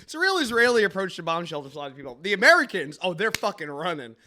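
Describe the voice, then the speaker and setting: A man's voice: sits high, big pitch swings, quick pace, sharp tone. A man hosting a comedic news podcast, rambling and joking with many fillers and restarts. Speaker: podcast host.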